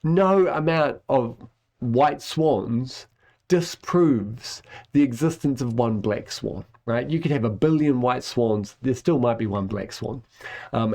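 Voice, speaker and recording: A man's voice: mid-range voice, a little mellow. A man giving an enthusiastic, conversational science lesson, often checking in with "right?". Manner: enthusiastic and conversational, with tag questions. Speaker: lecturer. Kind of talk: educational explainer.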